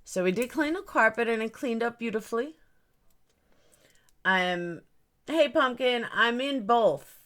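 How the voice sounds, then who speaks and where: A woman's voice: on the high side, animated, unhurried, long pauses, fairly bright tone. A woman hosting a casual livestream, rambling about her stream settings and greeting viewers by name. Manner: puzzled, fiddling with stream settings. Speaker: livestream host.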